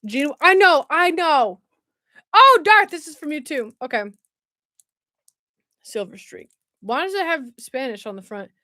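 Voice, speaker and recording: A woman's voice: sits high, sing-song, a little slow, pauses often, bright, forceful tone, dry recording. Chatty woman, dry close sound. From West Tennessee, US. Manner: chatty, reacting to viewer chat while unboxing. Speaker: livestream host. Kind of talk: casual live-stream chat.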